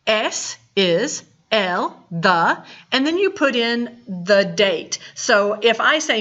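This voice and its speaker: A woman teaching a Spanish lesson, explaining slowly and deliberately with playful asides. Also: a little high, lively intonation, fairly bright tone. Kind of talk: recorded classroom lesson. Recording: dull lo-fi recording.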